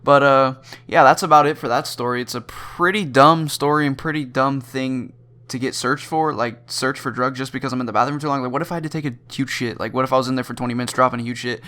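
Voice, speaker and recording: A teenage boy rambles through a storytime vlog about school, leaning on fillers all the way. His pitch sits in the ordinary middle for a guy, though it jumps high when he reenacts his own panic. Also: steady tone, quick pace, bright, forceful tone. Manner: acts out his own panicked reactions in sudden high bursts. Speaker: vlogger.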